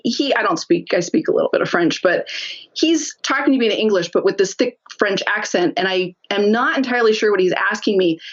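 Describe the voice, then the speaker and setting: A woman with a mid-range voice, recorded in lo-fi sound, appears as a podcast guest in a casual interview. She's lively, laughs often, and acts out what people said as she tells her stories.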